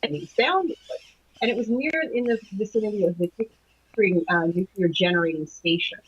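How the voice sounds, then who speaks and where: In an interview, a middle-aged Canadian guest who studies anomalies tells about a strange night she personally went through. She speaks at medium pitch in a slightly husky, breathy voice, hesitating with many fillers and restarts, and the recording sounds dull and lo-fi, like a remote call.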